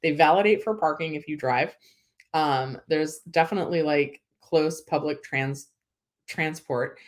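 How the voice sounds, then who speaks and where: A young Californian woman with a low, unhurried voice hosts a casual livestream, reading out viewer comments as she chats. She's chatty and emotional, sprinkling her talk with plenty of "like" and "um."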